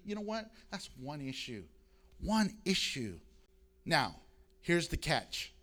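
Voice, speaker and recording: A male pastor preaching a sermon, reading scripture aloud and moving between loud emphasis and quiet asides. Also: high-pitched.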